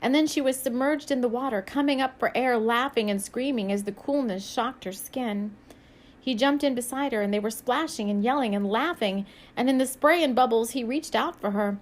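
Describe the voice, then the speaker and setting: Soft-spoken woman reading her novel aloud. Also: on the high side, moderate pace. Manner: soft, musing, laughs and hesitates often. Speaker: author and spiritual reader.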